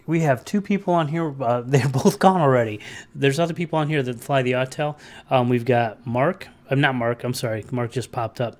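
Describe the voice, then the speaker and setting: A man with a middle-pitched voice hosts a casual livestream, chatting loosely with viewers. He rambles conversationally and answers comments aloud as they come in.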